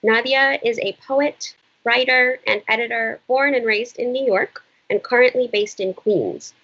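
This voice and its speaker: A woman hosting an online reading, giving a brisk scripted introduction over a video call. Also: a little high, steady tone, fairly bright tone. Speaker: event host. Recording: muffled video call audio.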